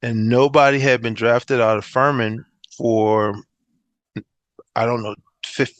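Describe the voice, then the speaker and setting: A man's voice: mid-range voice, takes it slowly, no room sound, muffled recording. Middle-aged man telling stories, dry sound. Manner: animated storyteller who acts out quoted dialogue. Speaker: interview guest, former pro football player. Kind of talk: casual storytelling interview.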